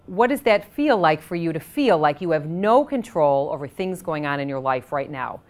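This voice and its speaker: Speaking in a fairly low voice, calm and measured, a woman guides a tapping session. She leads the listener's breathing with audible sighs.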